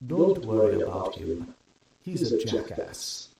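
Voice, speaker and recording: A man voicing an aging, irreverent male scientist who talks slowly and deliberately, unbothered by authority. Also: on the high side, lightly acted. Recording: very echoey room with crowd noise.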